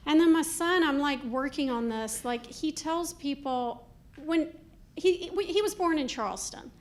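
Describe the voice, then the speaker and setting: High-voiced woman doing stand-up. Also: a little slow, a little hiss or hum. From Georgia, US. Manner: animated, chatty, full of "like" asides. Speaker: stand-up comedian. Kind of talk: stand-up comedy set. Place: comedy club stage.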